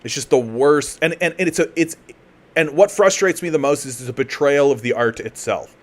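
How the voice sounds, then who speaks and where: A man's voice: a little high, moderate pace. A man from Canada hosting a political commentary livestream and reading chat. He rants heatedly, swears often and restarts his sentences again and again. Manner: profane, heated ranting with repeated restarts.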